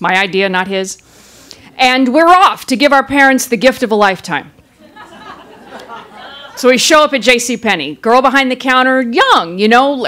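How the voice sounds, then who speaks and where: Animated, high-voiced woman storyteller. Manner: animated, comic, acts out the people in her story. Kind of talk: live first-person storytelling. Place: stage in front of a live audience.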